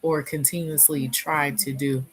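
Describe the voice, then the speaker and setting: A woman's voice: low-pitched, level tone, measured pace, low-quality recording. A woman in a casual book club chat, rambling and hesitant with many fillers.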